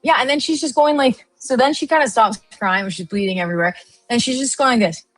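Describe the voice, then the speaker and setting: A woman in her thirties co-hosting a live trading stream, chatting casually and telling a lively story with animated quoted voices. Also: a little high, quick pace, faint music behind. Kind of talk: casual chat.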